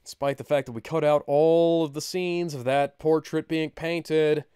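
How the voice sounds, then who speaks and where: A man's voice: a little high, a little slow, clear, resonant tone, no room sound. Dry-voiced man reading a book aloud. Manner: wry, deadpan asides. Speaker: podcast host and reader.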